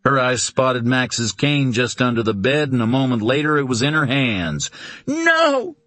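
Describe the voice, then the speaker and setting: A man narrating a suspense novel in a deliberate, dramatic reading. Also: mid-range voice, a bit bright, dry recording. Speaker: audiobook narrator.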